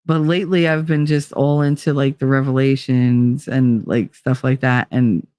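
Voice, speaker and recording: A woman's voice: a bass voice, steady tone, moderate pace, warm tone, dry recording, clean studio sound. A woman with a New Jersey accent hosting a livestream, chatting casually with viewers in a blunt, profane, rambling way. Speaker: livestream host. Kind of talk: casual chat with live viewers.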